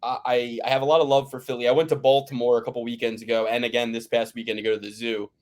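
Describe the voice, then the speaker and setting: Speaking fast in a level, slightly mellow mid-range voice, this podcast host from the Philadelphia area runs a casual sports betting chat. His delivery is a profane, rambling rant full of restarts.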